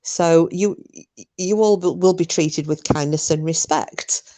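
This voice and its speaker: A woman's voice: low-pitched, measured pace, mellow. A woman hosting a live chat with viewers, talking bluntly and casually, swearing freely. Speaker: livestream host chatting with viewers.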